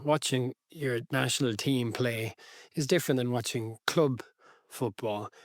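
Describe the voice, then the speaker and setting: A man's voice: mid-range voice, dry recording, studio quality. An Irish man co-hosting a podcast in casual chat, rambling through anecdotes and laughing mid-sentence. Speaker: podcast co-host.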